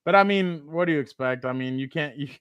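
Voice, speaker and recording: A man's voice: a little high, fast talker, fairly bright tone, smooth, no echo. A man co-hosting a sports podcast, casual and playfully teasing his partner.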